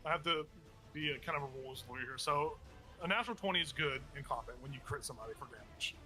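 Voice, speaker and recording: A man's voice: mid-range voice, quick pace, sharp tone, soft background music. A man acting as game master, explaining the rules at length with many fillers. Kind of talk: running a tabletop game.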